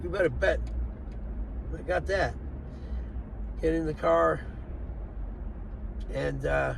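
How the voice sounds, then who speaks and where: A man's voice: a little high, slow, creaky, poor audio. A man telling a story to his phone camera from his car, swearing and sounding exasperated, with street noise behind. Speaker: vlogger. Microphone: phone camera mounted in car.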